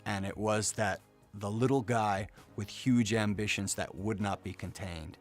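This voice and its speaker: Man, voice actor, interview, thoughtful, somewhat low voice, faint music behind. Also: fairly even intonation, unhurried. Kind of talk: reflective interview talk.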